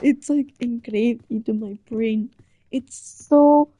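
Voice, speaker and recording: A woman's voice: a little high, slow, dark tone. A young woman chatting casually, flustered and embarrassed, rambling and restarting her sentences. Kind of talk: casual chat.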